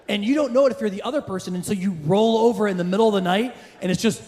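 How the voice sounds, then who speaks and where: A man's voice: high voice, fast talker, a little mellow. A middle-aged man performing a stand-up comedy set, chatty and teasing the crowd with wry asides. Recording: reverberant live room, faint ambience.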